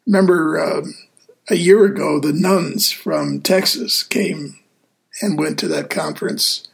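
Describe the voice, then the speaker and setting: A man hosting a casual talk show as a deacon, speaking in an earnest, easygoing way with frequent pauses. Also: a little high, lively intonation, creaky. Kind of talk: casual radio show chat.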